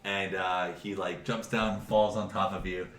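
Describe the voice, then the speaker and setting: Rambling low-voiced dungeon master, roomy. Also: male voice, steady tone, fairly bright tone. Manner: rambling, halting, amused. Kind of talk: narrating a tabletop game. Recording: distant echoey room, noisy.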